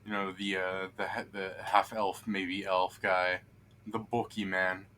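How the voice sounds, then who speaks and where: A man's voice: sits low, a little slow, slight background noise. A man running a tabletop game as game master, who narrates casually and jokes and laughs a lot. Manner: laughs a lot, relaxed and joking.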